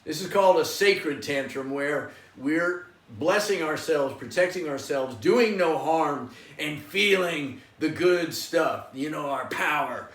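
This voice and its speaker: A man with a slightly raised pitch guides a meditation class, coaxing listeners along and breaking into loud, forceful chants. His voice rings around an echoey room, and he sounds set back from the microphone. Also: unhurried, far from the mic. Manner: encouraging, coaxing listeners to join in. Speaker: yoga and meditation teacher.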